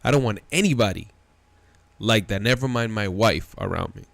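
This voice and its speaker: A man's voice: lowish voice, animated, moderate pace, vocal fry, no room sound. A man hosting a reaction show, giving blunt, incredulous commentary on a played clip.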